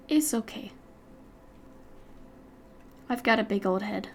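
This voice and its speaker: A woman talks casually on a live stream as she draws, answering her chat by name and making fun of herself. Her voice sits high, and she takes her time between remarks. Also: level tone, slow, pauses often. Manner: playful, talks to viewers by name, self-mocking. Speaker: livestreamer.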